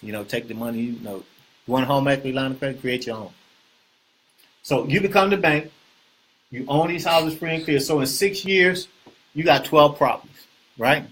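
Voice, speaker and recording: A man hosting a casual real estate talk, animated and preachy, often repeating himself and asking the viewers questions. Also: medium pitch, normal speed, pauses often, slightly rough. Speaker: host.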